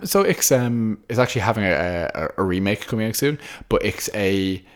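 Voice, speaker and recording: Deep-voiced man chatting on a podcast. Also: lively intonation, moderate pace. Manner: rambling, many restarts, enthusiastic. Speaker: podcast co-host. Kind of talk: casual chat.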